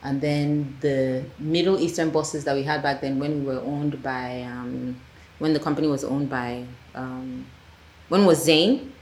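A woman's voice: very deep voice, unhurried. A Nigerian woman, a filmmaker guest on a podcast, chatting casually and acting out the people she quotes. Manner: animated storyteller, acts out quotes. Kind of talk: casual conversational interview. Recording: echoey room, faint ambient noise.

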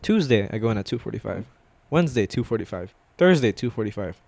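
A man's voice: fairly low pitch, big pitch swings, fast talker, creaky, darkish tone, dry recording. A man in casual chat, rambling through work stories with plenty of swearing and frequent laughter. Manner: rambling storyteller, swears a lot, laughs often. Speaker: warehouse worker telling stories.

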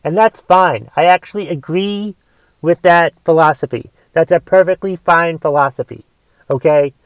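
A man's voice: on the high side, moderate pace, clean tone, no echo. A man delivering a solo rant, exasperated and swearing often as he talks. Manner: profane, exasperated ranting with restarts.

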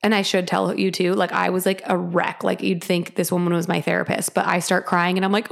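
A young woman tells a personal story in a loose, chatty way, scattering fillers as she goes. Her voice has a gravelly edge and sits at an ordinary pitch. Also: quick pace. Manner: chatty, many "like" fillers, animated retelling. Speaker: podcast host sharing her story. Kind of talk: casual storytelling.

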